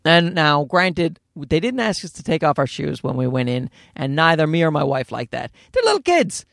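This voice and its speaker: Man, comedic monologue, profane, ranting, high voice, very lively pitch. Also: moderate pace, vocal fry, no room sound, studio quality. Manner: animated, profane, ranting asides. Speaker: parent telling a story.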